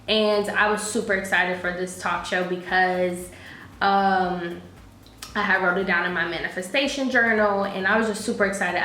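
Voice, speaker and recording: A woman's voice: on the low side, sharp tone, slight background noise. A woman in her late twenties giving a casual personal life update straight to her viewers, candid and emotional, swearing freely and sometimes close to tears. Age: late 20s. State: near tears at times. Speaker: vlogger. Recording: echoey room with faint ambience.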